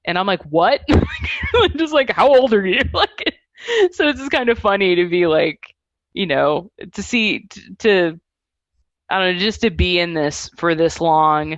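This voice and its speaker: Woman, thirties, musician guest, animated storyteller, lowish voice, dry muffled audio. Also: measured pace, no echo. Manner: animated storytelling with acted-out quotes. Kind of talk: casual interview chat.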